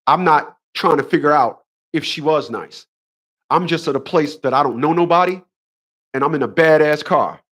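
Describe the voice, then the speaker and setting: A man's voice: on the high side, normal speed, a bit bright. A man in his fifties hosting a casual livestream monologue, emphatic and preachy, often repeating his phrases. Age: 50s. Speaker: host.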